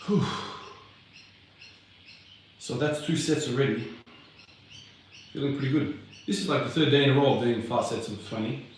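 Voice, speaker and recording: A man's voice: mid-range voice, normal speed, pauses often, a little hiss or hum. A young man vlogging casually between heavy lifting sets in his home garage, out of breath, laid-back and swearing as he rambles. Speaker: fitness vlogger. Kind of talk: casual chat between sets, answering live comments. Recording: very echoey garage from far off.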